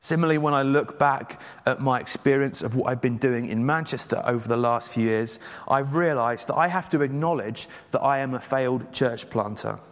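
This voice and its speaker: A man's voice: medium pitch, normal speed, few pauses. A man from England preaching a sermon in a conversational, self-deprecating way, with hesitant fillers. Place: church. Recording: reverberant church hall.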